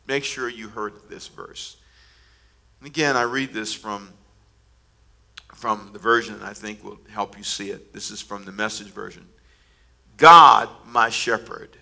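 A man preaching a sermon as pastor, swinging between quiet, drawn-out reading and loud, rising declarations. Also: on the low side. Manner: preaching with dramatic swings between hushed and shouted lines.

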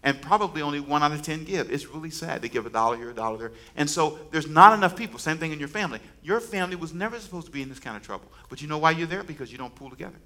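Bright-toned preaching man. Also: a little high, animated, rapid-fire, few pauses. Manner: preaching with call-and-response to the congregation; emphatic, repeats words and phrases. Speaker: pastor. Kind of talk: sermon.

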